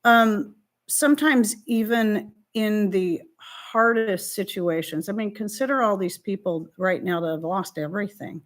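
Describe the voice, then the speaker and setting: A woman's voice: medium pitch, a little slow. A middle-aged woman hosting a live stream, talking through viewer questions in a heartfelt, faith-filled way, rambling and restarting, fighting back tears. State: emotional, near tears.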